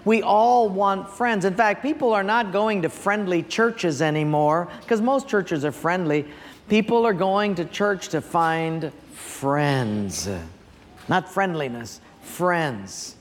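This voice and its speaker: A pastor preaching a sermon, telling stories with animation and asking the congregation questions. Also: male voice, sits high, slow, a little hiss or hum. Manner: animated storytelling, audience questions. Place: church sanctuary. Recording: long church reverb.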